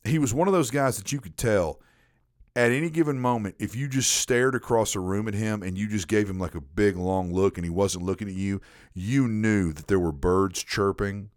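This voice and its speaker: A man hosting a podcast, telling a story in a casual, animated way with frequent repeats. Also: on the low side, normal speed, no room sound, clean studio sound. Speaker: podcast host.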